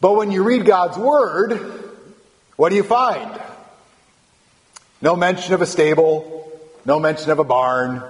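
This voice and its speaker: A man's voice: high voice, measured pace, pauses often, big-room sound. A man preaching a conversational sermon as the pastor of a small church, often restarting phrases and building emphasis. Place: church sanctuary.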